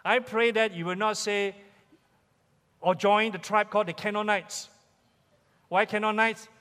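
High-voiced Malaysian pastor preaching in a hall. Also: male voice, fairly even intonation, unhurried, bright, forceful tone, clean tone. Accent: Malaysian English. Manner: emphatic, repeats key questions. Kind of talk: sermon. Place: church sanctuary.

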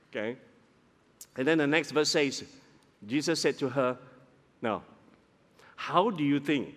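A man delivers a sermon, his pitch sitting high for a man. He talks animatedly, acting out the voices in the story and swinging between loud outbursts and soft asides. A long hall reverb trails each phrase. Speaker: preacher.

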